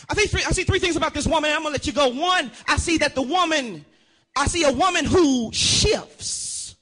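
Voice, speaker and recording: A male pastor preaching a sermon, calling for a witness and swinging into shouted, sung phrases. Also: extremely high pitch, normal speed.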